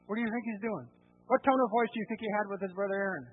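A male pastor preaching a sermon, asking the congregation rhetorical questions and swinging between quiet and loud. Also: high-pitched, rapid-fire, husky. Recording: tinny phone-like sound.

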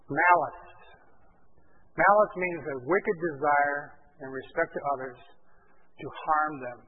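A man preaching a sermon as pastor, with emphatic delivery that swells loud on key words. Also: a little high, phone-quality sound, a little hiss or hum.

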